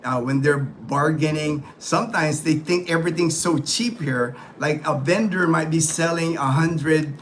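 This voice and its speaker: Filipino guy chatting on a livestream, lots of you know and uh, kinda high pitched, bit of hiss behind. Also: fairly even intonation, moderate pace, few pauses, fairly bright tone. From Philippines. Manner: rambling, many fillers and restarts. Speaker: livestream host. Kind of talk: casual livestream chat reading comments.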